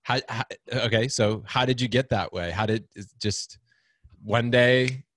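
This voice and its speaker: A man hosting a podcast interview, enthusiastic and emotional, reacting warmly and asking questions in an animated way. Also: mid-range voice, unhurried, no room sound, clean studio sound. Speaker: podcast host.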